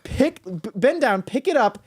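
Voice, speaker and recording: A man's voice: very high voice, expressive, a little slow, darkish tone, a little hiss or hum. A teenage man, a podcast guest, telling a rambling story in casual chat with plenty of filler words. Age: teens.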